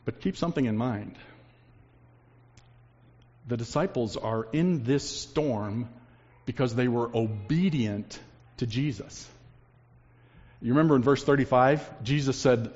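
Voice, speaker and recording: A man preaching a sermon as pastor, swinging between loud emphasis and hushed, low lines. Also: a little slow, breathy edge. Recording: long reverb, dull lo-fi sound.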